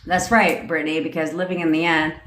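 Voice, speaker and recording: A woman's voice: low-pitched, level tone, fairly quick, a bit bright. A woman coaching manifestation in a casual livestream chat, brash and profane, laughing often. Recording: echoey room.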